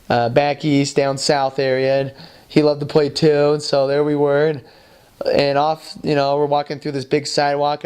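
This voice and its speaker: A man's voice: mid-range voice, clear, resonant tone. A man, a former missionary, telling a personal anecdote in a loose, chatty way and acting out other people's lines. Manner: animated storytelling that acts out other people's lines; loose and chatty, full of "like" and "you know". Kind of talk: personal anecdote told to camera.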